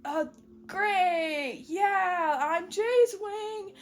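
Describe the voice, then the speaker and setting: Woman as a confused young tomcat, high voice. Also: animated, takes it slowly, darkish tone. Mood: bewildered. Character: bewildered young male cat seer.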